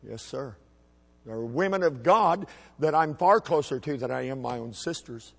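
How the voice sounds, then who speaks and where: A middle-aged man preaching a sermon as a pastor, folksy and emphatic, with shouted peaks. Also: a little high, lively intonation, moderate pace, gravelly, big-room sound. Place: church sanctuary.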